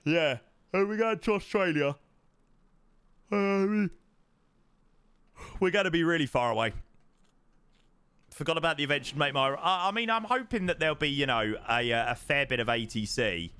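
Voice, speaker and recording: A man's voice: a little high, lively intonation, normal speed, long pauses, bright, forceful tone, clear, resonant tone, no room sound. A young man streaming live, chatting casually in a rambling way with sighs and yawns, tired. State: tired, yawning. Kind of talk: casual chat.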